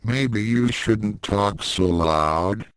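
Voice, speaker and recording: A man's voice: fairly low pitch, extremely slow, clean tone, no echo. A man reading a story aloud, voicing a nervous teenage boy who hesitates and stammers. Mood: hesitant.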